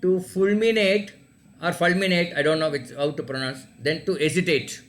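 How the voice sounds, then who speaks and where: High-voiced teacher running a quiz. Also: male voice. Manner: spells words letter by letter, repeats questions slowly. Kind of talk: online class quiz, reading questions aloud.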